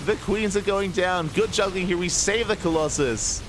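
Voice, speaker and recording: A young man doing live play-by-play commentary on a strategy video game, sleepy and slightly slurred, excitable during fights. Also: high-pitched, normal speed, noisy background. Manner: excitable, drowsy between fights. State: just woke up, slurring. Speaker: esports caster.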